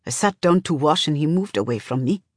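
A woman reading an audiobook voices a defiant young man who speaks flatly and defensively. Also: deep voice, fairly quick, no echo, clean studio sound. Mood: sullen.

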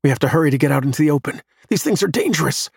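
A high, strained young explorer yells in alarm and anger, as a male narrator puts him on. His raised voice is urgent and clipped, set in a dry, close storybook recording. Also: animated, racing, vocal fry, husky, no room sound, heavily acted. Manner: shouting, urgent. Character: young adult man, alarmed, angry explorer.

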